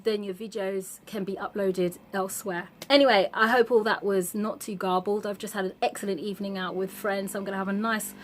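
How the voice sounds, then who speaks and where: British woman ranting on her vlog, lots of ums and restarts, middle pitch, slight background hiss. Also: steady tone, a little fast, hardly any pauses. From Britain. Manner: outspoken and emphatic, with frequent fillers and restarts. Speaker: vlogger. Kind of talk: casual vlog monologue. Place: at home in the evening.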